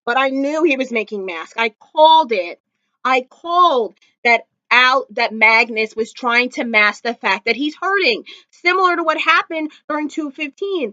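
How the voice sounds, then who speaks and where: Bright, high-voiced gushing fan woman. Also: no room sound. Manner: gushing, emotional fan talk with many fillers; close to tears at times. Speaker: vlogger recapping a TV episode. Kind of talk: casual episode recap. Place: indoors at home. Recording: dry, slightly dull home recording.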